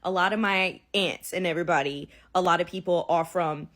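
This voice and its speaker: A woman with a New Orleans accent talking casually to camera, chatty and profane, explaining things with quick asides. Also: on the low side, a bit bright. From Louisiana, USA. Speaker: content creator. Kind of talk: casual talking-head monologue.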